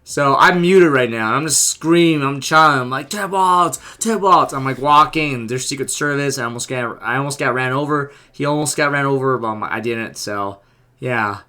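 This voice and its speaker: Chatty, bright-voiced young man vlogging. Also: medium pitch, normal speed. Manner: excited, rambling, many fillers. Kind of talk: casual vlog narration over photos.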